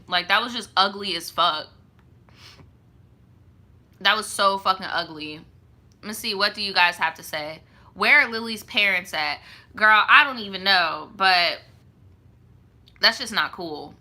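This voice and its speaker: Young woman host on a live storytime stream, super bright sharp voice, cussing and ranting in slang. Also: medium pitch. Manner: blunt, profane, heated slang-heavy reactions. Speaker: host reading viewer stories.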